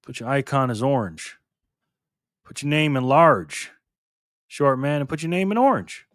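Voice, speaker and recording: A man's voice: mid-range voice, animated, unhurried, pauses often, no echo, clean studio sound. Upbeat man reading out stream chat. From Rochester, New York. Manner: friendly, upbeat, reads chat aloud and greets viewers by name. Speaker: livestream host. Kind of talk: casual live stream chat reading viewer comments.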